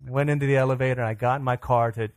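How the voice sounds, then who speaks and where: Animated male pastor telling a story. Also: mid-range voice, racing, no room sound. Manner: animated storyteller, acts out other people's lines. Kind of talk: sermon illustration storytelling. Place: church sanctuary.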